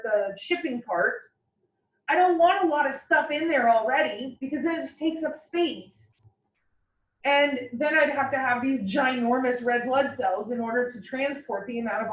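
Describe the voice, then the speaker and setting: A woman anatomy instructor giving a classroom lecture, explaining with playful, animated analogies. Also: sits high. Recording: roomy, distant, dull lecture recording.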